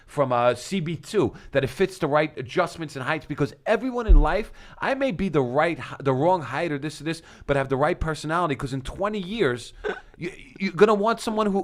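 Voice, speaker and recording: Animated swearing man telling stories. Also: fairly high pitch. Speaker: co-host. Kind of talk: casual chat.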